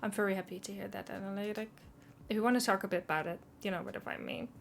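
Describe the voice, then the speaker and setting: A woman's voice: mid-range voice, fast, vocal fry, slight background noise. A woman streaming live, chatting casually and self-consciously while reading chat.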